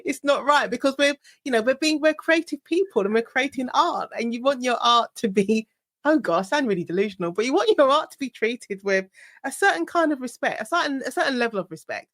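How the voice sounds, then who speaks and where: A woman hosting a podcast interview, expressive in her speech and quick to laugh. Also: high voice. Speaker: podcast host. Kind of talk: conversational interview.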